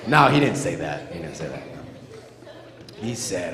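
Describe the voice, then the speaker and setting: A middle-aged man giving a playful, animated storytelling speech to students as a motivational speaker, in a large school hall. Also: low voice, unhurried. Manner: animated, playful, acts out sound effects. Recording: echoey hall with faint room noise.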